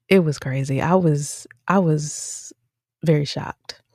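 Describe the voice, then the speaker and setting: Her voice is low-pitched, recorded clean in a studio with no room sound. She hosts a show review as casual commentary, talking chattily and animatedly to viewers she addresses as "y'all," with frequent "um" and "okay?"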